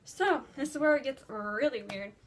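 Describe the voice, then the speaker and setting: A teenage girl vlogger telling a dream story in casual, rambling chat, filler-heavy and animated. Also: sits high, moderate pace, slight background noise. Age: teens. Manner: breathless and animated while retelling a dream.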